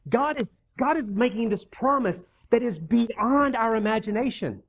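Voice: medium pitch, lively intonation, normal speed, few pauses. A preacher giving a sermon, emphatic and conversational, repeating key words for weight and reading scripture aloud. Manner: reads scripture aloud and acts out the characters' lines; conversational asides to the congregation.

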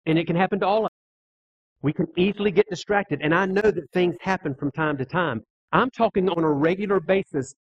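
Male pastor, sermon delivery, earnest and measured, slightly raised pitch, dry close mic. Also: no room sound, dull audio. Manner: earnest, measured preaching with pauses for emphasis. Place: church sanctuary, on stage.

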